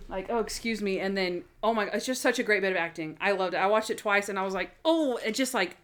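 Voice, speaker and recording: Woman podcast cohost gushing about a tv episode, does little voices for the characters, mid-pitched. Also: quick pace. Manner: animated, acts out characters' lines while retelling scenes. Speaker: podcast co-host. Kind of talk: casual chat recapping a TV episode.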